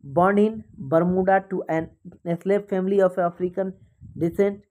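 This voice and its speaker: A woman with an Indian English accent teaching an exam-prep English lesson, reading out multiple-choice options in a measured list and then explaining the answer. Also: lowish voice, steady tone, phone-quality sound. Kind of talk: exam question walkthrough lesson.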